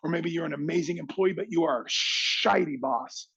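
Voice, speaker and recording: Gravelly-voiced man telling a fired-up story. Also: a little high, normal speed, dry recording, highs cut off. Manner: animated, acts out others' lines in quotes. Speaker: podcast guest. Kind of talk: emphatic storytelling, motivational.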